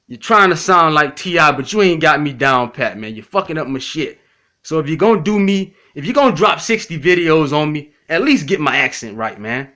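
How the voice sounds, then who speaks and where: Man, casual response video, blunt, repetitive, profane, bright tone. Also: a little high. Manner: blunt, repetitive, profane, addresses critics directly. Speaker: YouTube commentator.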